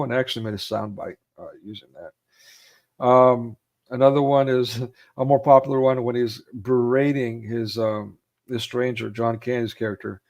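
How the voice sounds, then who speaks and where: In a medium-pitched, slightly mellow voice, a man casually reminisces about favorite film scenes. He acts out quotes loudly, laughs easily, and leans on lots of fillers.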